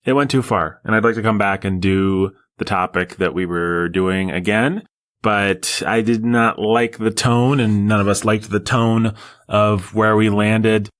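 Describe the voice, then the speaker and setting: Wry, digressive podcast host. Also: male voice, on the low side, fairly even intonation, measured pace. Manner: wry and digressive, with sarcastic asides. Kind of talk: casual solo podcast monologue.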